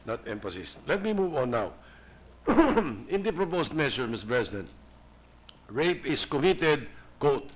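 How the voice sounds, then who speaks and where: A man's voice: medium pitch, big pitch swings, measured pace, husky, rough recording. A man with a Filipino accent, a senate majority leader, reading out legal text in a legislative chamber and slipping into Filipino phrases. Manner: formal, quotes text, slips into Filipino. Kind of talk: formal legislative debate.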